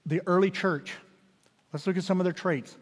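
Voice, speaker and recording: A man preaching a sermon, animated and swinging from loud declarations to hushed, intimate pleas. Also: high voice, moderate pace, big-room sound. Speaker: pastor.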